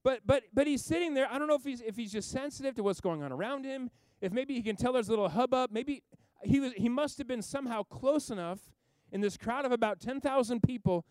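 A man preaching a sermon, telling a story with lively asides and acting out the people in it. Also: extremely high pitch, a little fast, hardly any pauses, dry recording. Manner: animated storytelling, acts out characters, rambling asides. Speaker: pastor.

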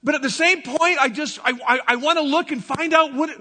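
Pastor, male, high bright voice, halting and emotional testimony in a reverberant hall. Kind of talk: sermon testimony.

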